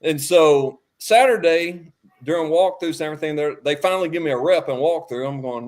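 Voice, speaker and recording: A man telling a lively story as a podcast guest, acting out quotes and laughing often. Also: fairly high pitch, a little fast. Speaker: podcast guest, former quarterback. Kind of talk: animated storytelling.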